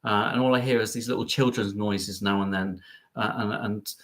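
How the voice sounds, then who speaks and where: A man hosts a live stream, talking straight to his viewers in a cheeky, playful way. His pitch keeps leaping up and dropping back down as he chats. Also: steady tone, normal speed, fairly bright tone. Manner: cheeky, bubbly, jumps up and down in pitch. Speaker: travel vlogger hosting a live stream.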